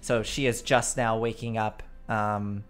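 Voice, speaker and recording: A woman's voice: very deep voice, little pitch movement, measured pace, faint music behind. A woman narrating as the game master of a tabletop role-play stream, giggly and rambling with fillers, on a desk mic.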